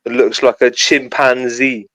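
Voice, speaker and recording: A man's voice: mid-range voice, flat delivery, slow, fairly bright tone, no echo. A man, calling into an online stream in a provocative, mocking way. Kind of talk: casual call-in banter.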